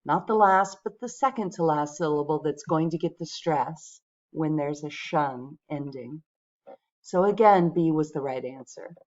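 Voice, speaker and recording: Slow, patient woman teaching English. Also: low-pitched, a little mellow, dull audio. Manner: patient, clear, addresses viewers directly. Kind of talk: pronunciation lesson.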